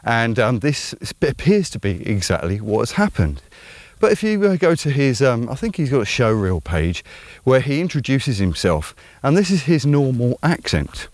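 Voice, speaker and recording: A man's voice: mid-range voice, very animated, moderate pace, no echo. A man with an Estuary English accent hosting his own channel, talking through an opinionated commentary in a rambling, conversational way full of ums. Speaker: channel host.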